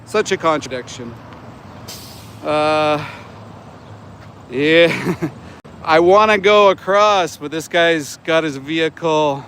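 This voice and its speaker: This vegan activist livestreamer, a man in his forties, speaks slowly and pauses often from a city sidewalk, with faint traffic audible outdoors. His voice is fairly high and fairly bright, his tone indignant, and he repeats himself when challenged.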